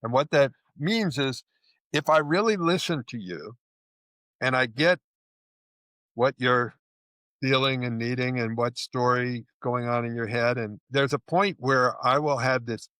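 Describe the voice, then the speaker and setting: A man's voice: mid-range voice, a little slow, fairly bright tone, no room sound. A man working as a relationship coach, explaining ideas earnestly in a podcast interview and acting out the little dialogues he describes.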